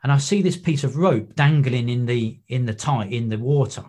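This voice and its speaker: A man's voice: mid-range voice, moderate pace. A man, a wreck diver and photographer, telling stories in a podcast interview. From England. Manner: animated anecdotes with acted-out quotes.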